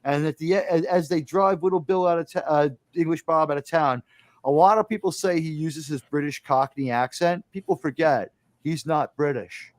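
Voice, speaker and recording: A man hosting a casual podcast chat about films, telling scenes in a lively, rambling way with lots of fillers and restarts. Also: a little high, normal speed, no echo. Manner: animated storytelling, acting out movie lines. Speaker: podcast host. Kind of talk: casual film discussion.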